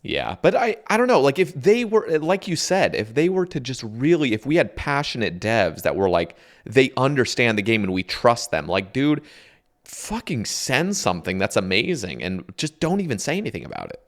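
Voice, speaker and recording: A man's voice: mid-range voice, big pitch swings, moderate pace. A man hosting a casual podcast, agreeable and easygoing, often repeating himself. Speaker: podcast host.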